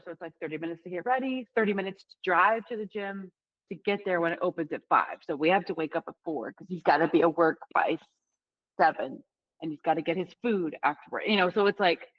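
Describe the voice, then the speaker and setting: A woman with a fairly low voice chats openly on a podcast, swearing casually and laughing as she goes. The sound is a little muffled and lo-fi. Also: dry recording. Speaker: podcast co-host.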